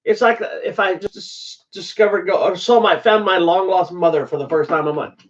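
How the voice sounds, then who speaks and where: A man's voice: sits high, steady tone, normal speed. Male co-host, playful teasing banter, distant lo-fi mic. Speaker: podcast co-host. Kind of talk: casual TV review chat.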